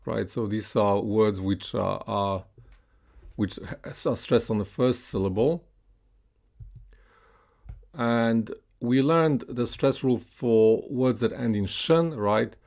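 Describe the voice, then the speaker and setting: Running a pronunciation lesson in class, this man speaks slowly in a gravelly, fairly low, darkish voice. He models each word patiently for learners to repeat, peppering his speech with "uh" and "right?" checks.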